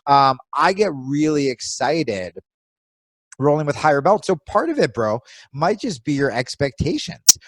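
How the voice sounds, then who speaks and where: A man's voice: fairly high pitch, big pitch swings, measured pace, no echo. A man co-hosting a podcast in casual chat, giving blunt, profane coaching advice. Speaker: podcast co-host.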